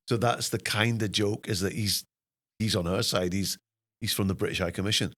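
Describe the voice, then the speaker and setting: A middle-aged Scottish man, an actor guest, telling anecdotes in a self-deprecating, animated way. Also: on the low side, moderate pace. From Scotland. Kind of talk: anecdotal storytelling.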